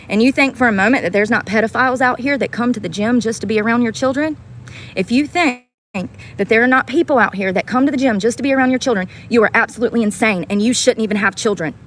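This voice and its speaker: Casting: fired-up woman livestream host, higher voice, blunt and profane, faint noise behind. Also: fast talker. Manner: heated, profane, repetitive. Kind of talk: casual livestream rant.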